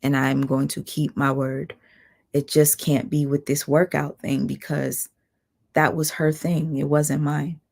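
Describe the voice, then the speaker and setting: Woman host, low and gravelly, strained voice, heated blunt livestream rant. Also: flat delivery, unhurried, darkish tone. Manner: blunt, heated, swearing, reads viewer comments aloud.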